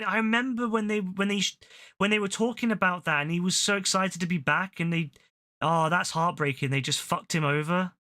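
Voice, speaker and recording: A man's voice: sits high, fairly quick, pushed and bright. A young man ranting and swearing during casual live-stream chat, often repeating himself as he goes. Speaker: game streamer.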